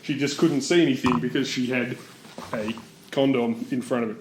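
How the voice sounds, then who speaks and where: A man's voice: medium pitch, steady tone, moderate pace, background noise. Wry man in an echoey room. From Australia. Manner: wry, chuckling often. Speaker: podcast co-host. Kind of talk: casual chat.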